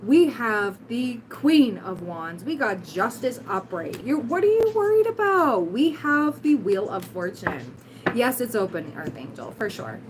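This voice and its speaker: A woman with a raspy, hoarse voice giving a casual livestream tarot reading, blunt and encouraging with giggly asides. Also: fairly high pitch, slight background noise, poor audio. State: hoarse, voice recovering. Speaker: tarot reader, livestream host.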